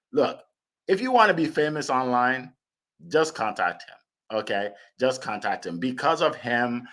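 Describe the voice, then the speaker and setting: A man's voice: medium pitch, sharp tone. A man hosting an online meetup over a video call, upbeat and chatty, repeating his phrases as he introduces speakers. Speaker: host.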